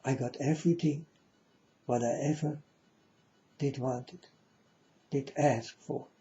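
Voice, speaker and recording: A man's voice: medium pitch, fairly even intonation, slow pace, warm tone. A man giving a repetitive, insistent preaching monologue to viewers, calling them folks. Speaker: self-styled religious speaker. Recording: dull lo-fi recording.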